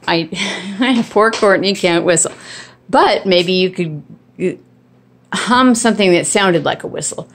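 Speaking slowly with long pauses, a woman with a fairly low, expressive voice films herself on a handheld phone in her home kitchen. It's a casual demonstration of dog training, delivered in a chatty, rambling way packed with ums and restarts.

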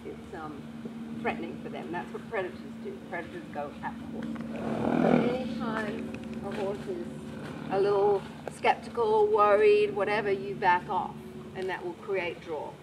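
Animated woman explaining horses outdoors. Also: medium pitch, moderate pace. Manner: animated, acts out little voices for horses and people. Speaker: horse trainer. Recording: distant mic with loud outdoor noise.

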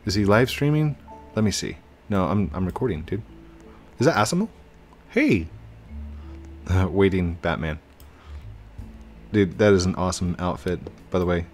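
Male gaming YouTuber, deep unhurried voice, casual running commentary, goofy pleading, faint music behind. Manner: chatty, laughs often, goofy pleading bursts.

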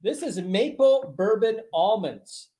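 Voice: mid-range voice, lively intonation, slow, mellow. A product review host chatting on a casual livestream, laughing often and reading packaging aloud.

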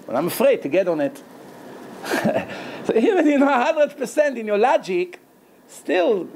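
A rabbi teaches Torah in a high, animated voice, acting out quotes with dramatic flair. He laughs often as he talks. A faint hiss sits under the recording. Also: gravelly. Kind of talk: Torah lecture.

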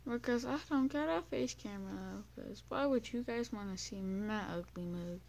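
A woman's voice: medium pitch, moderate pace, vocal fry, darkish tone. A teenage girl giving rambling, self-mocking commentary over her gameplay, with sudden screams and sing-song humming. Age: teens. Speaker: gaming YouTuber.

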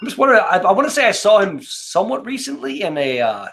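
A man's voice: high voice, sing-song, fast talker, fairly bright tone. A man co-hosting a casual beer review chat, rambling with restarts and swearing freely. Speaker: podcast co-host reviewing beer.

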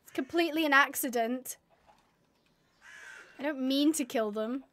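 A woman's voice: high-pitched, unhurried, a bit bright. A woman streaming a game live, chatting and mocking herself as she talks to her animals. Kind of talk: live gameplay commentary.

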